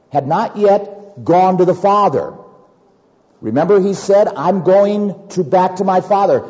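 A man preaching a sermon and reading scripture aloud, swinging between loud emphasis and hushed low asides. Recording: dull audio with long hall reverb.

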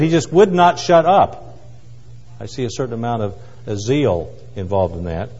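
Man preaching in a big echoing hall. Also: mid-range voice. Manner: dramatic swings from loud cries to hushed asides. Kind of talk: sermon. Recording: muffled, with long hall reverb.

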